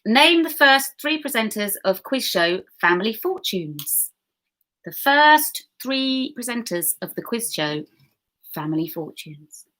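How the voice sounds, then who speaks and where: A woman running a live pub quiz with a bright, clear voice that cuts through. She reads each question twice and chats in between, greeting viewers by name and giggling at her own asides. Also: mid-range voice. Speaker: quiz host.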